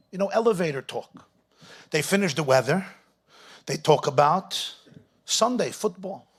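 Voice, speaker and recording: A man's voice: fairly high pitch, gravelly, husky. A middle-aged man, a rabbi, telling a story to an audience at a weekend gathering and mixing in Yiddish and Hebrew phrases. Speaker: rabbi speaking at a Shabbaton.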